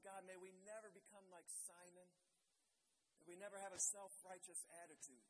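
A man's voice: high voice, level tone, moderate pace, fairly bright tone, a little hiss or hum, rough recording. A man pastor preaching a sermon with an impassioned, repetitive cadence, leading into prayer. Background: music.

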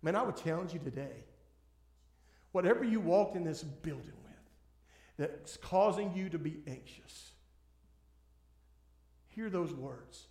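A man's voice: on the high side, lively intonation, measured pace, pauses often, darkish tone. A man preaching a sermon as pastor, earnest and pleading, often restarting his sentences. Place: church sanctuary. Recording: echoey church room.

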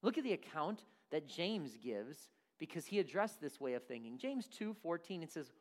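A man preaching a sermon, animated and acting out characters in his stories. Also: on the high side, normal speed. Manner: animated, acts out voices in stories.

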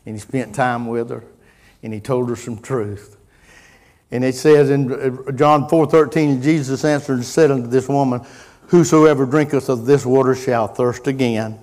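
A middle-aged man preaching a sermon, folksy in tone, moving from quiet musing to loud impassioned preaching. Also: mid-range voice, long reverb tail. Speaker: pastor.

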